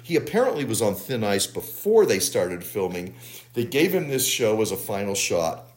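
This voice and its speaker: Animated man retelling a plot. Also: fairly low pitch, moderate pace. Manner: animated storyteller, laughs while retelling plots. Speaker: podcast co-host. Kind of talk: casual episode recap chat.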